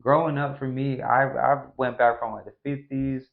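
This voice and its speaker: A man's voice: mid-range voice, level tone, normal speed, vocal fry. A man hosting a podcast, chatting casually and agreeably, with plenty of slang and affirmations. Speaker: podcast host. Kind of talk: casual chat. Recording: dull lo-fi sound.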